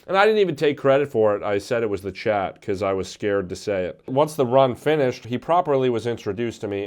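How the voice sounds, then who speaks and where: A man casually telling a comedic story about himself, wry and halting, with plenty of fillers. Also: on the low side, darkish tone.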